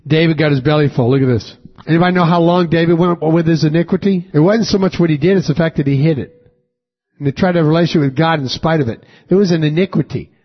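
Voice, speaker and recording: A man's voice: a little high, highs cut off. A man preaching a sermon, reading scripture aloud and quizzing the congregation with questions and rising emphasis. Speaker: pastor. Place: church sanctuary with congregation.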